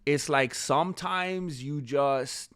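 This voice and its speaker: Male streamer, somewhat high, forceful voice, dry close sound, animated chat style. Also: slow, smooth, dry recording. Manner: animated, swings from calm musing to loud disbelief. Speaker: MMA news YouTuber. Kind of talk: casual livestream chat, reading comments.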